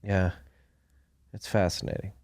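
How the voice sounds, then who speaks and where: A man's voice: sits low, little pitch movement, measured pace, a little mellow, no echo, studio quality. A man hosting a podcast, who breaks in with short, probing questions in a casual interview. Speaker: podcast host.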